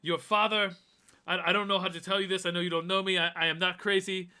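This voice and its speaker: A man's voice: sits high, little pitch movement, quick pace, bright, forceful tone, clear, resonant tone, voice pushed up. Man putting on a heavy-accented Russian woman. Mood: urgent. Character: earnest Russian woman caller, urgent.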